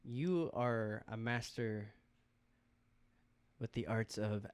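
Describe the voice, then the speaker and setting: A man co-hosting a podcast in casual chat, playful and teasing with quick apologetic asides. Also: lowish voice, clean tone. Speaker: podcast co-host.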